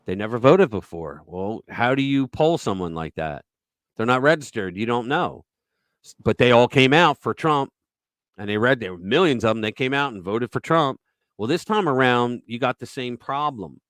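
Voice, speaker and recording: A man's voice: mid-range voice, animated, normal speed, fairly bright tone, no echo. Emphatic man on a dry mic. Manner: emphatic, conversational, retelling stories with asides. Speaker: host. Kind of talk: political commentary show.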